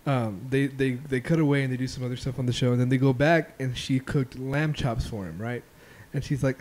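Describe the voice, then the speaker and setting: Mellow-voiced casual podcast host, a man. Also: mid-range voice, fairly even intonation, fairly quick, few pauses. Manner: loose, profane storytelling with filler ums. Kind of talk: casual chat.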